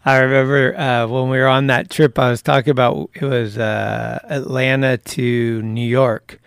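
Relaxed dude asking his buddy for stories, mid voice, dry close mic. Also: medium pitch, gravelly, clear, resonant tone, dry recording. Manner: easygoing, profane, quick to laugh along. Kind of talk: casual interview chat.

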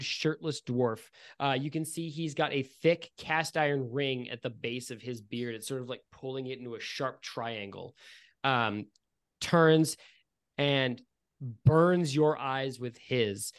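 A man's voice: medium pitch, no room sound, clean studio sound. A man narrating a tabletop role-playing game as game master, joking and swearing at his players. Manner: crude, joking and profane.

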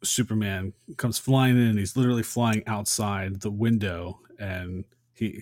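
A man's voice: on the low side, steady tone, unhurried, hardly any pauses, a little mellow, dry recording, clean studio sound. A man in a casual podcast chat, animatedly recapping movie scenes and acting out short quotes. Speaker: podcast co-host. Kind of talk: casual film discussion.

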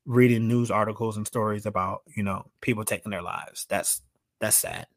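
A man's voice: lowish voice, fairly even intonation, normal speed, dry recording, clean studio sound. A man hosting a podcast in casual, conversational chat. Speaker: podcast host.

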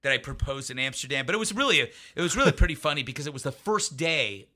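Man, interview guest, very bright tense voice, mid pitch, rambling anecdotes, frequent restarts. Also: expressive, quick pace. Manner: rambling, many restarts and asides. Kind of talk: casual interview storytelling.

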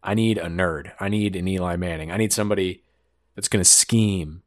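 A man giving casual, opinionated sports talk, riffing quickly with joking asides. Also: low-pitched, fairly even intonation, no room sound, studio quality. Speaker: sports commentator.

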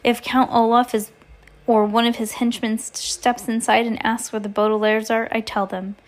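A woman's voice: fairly high pitch, little pitch movement, moderate pace, close to an everyday voice. A woman reading aloud, voicing a bad-tempered fake fortune teller who demands answers and tacks "please" onto everything. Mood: sad. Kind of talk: amateur audiobook reading.

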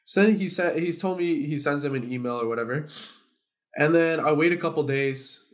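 A young man telling a story to friends on a casual podcast. He talks loosely and gets animated, loud and laughing as the story heats up. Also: a little high, normal speed. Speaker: podcast co-host.

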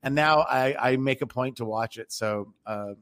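A man's voice: medium pitch, normal speed, a bit bright. A man in casual chat, telling a story in a rambling way with many restarts and fillers.

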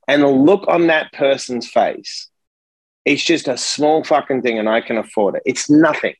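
A man's voice: medium pitch, normal speed, no echo, low-quality recording. Middle-aged man, casual podcast guest, emphatic and swearing, dry close sound. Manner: emphatic, profane, animated storytelling.

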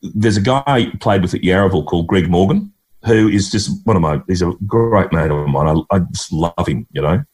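A man's voice: sits low, expressive, fairly quick, a little mellow. A middle-aged Australian man from Queensland, a guest telling rambling, chuckling anecdotes and mimicking people in a casual interview.

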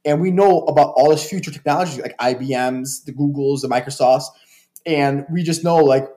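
A young man in casual podcast chat, swearing freely and retelling movie scenes with animated quoted voices. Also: medium pitch, fairly quick. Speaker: podcast co-host.

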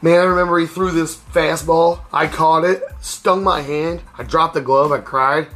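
A man's voice: a little high, steady tone, unhurried, a bit bright, soft background music. A middle-aged man hosting a casual storytelling podcast, speaking candidly and rambling with frequent restarts. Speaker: podcast host.

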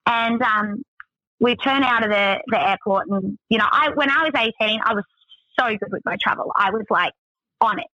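A woman's voice: mid-range voice, normal speed, pushed and bright, dry recording, low-quality recording. An Australian woman telling a story as a guest in casual chat, full of "like" fillers. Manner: chatty, many "like" fillers.

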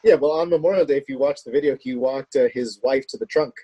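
A man talking politics on a talk show in a measured way, often restarting his sentences. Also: mid-range voice, mellow, husky, low-quality recording.

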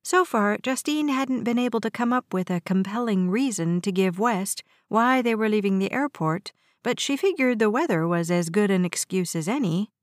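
A woman narrating an audiobook in a steady, even storytelling manner. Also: mid-range voice, moderate pace, hardly any pauses, dry recording, studio quality.

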